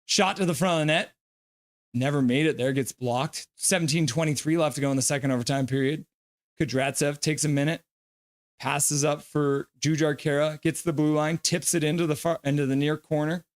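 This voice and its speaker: An excitable man hosts a live fan stream, calling the game play by play and reading viewer comments aloud. His voice sits high for a man. The sound is dry and close. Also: normal speed, dry recording.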